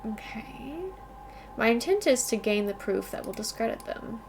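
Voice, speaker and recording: A woman's voice: a little high, animated, brisk, a little mellow, slight background noise. A woman streaming a mystery game, making casual, wry asides between the dialogue. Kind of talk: gameplay commentary.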